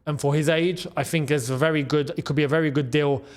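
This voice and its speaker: A male football channel host, talking casually to his audience, excitable and animated, repeating phrases and breaking into laughs. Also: a little high, fast talker. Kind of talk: casual football commentary to camera. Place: in the Gulf region.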